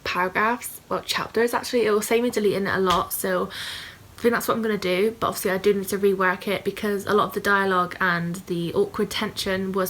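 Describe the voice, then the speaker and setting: A woman's voice: mid-range voice, a bit bright, a little hiss or hum. A young woman in her twenties, talking candidly and rambling in a casual vlog, with many fillers. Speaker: writer vlogger.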